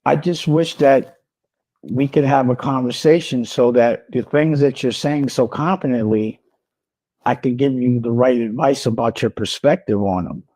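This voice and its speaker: A man speaking calmly and deliberately, giving advice in a measured, lecturing tone. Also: mid-range voice. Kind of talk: measured spoken advice in a recorded clip.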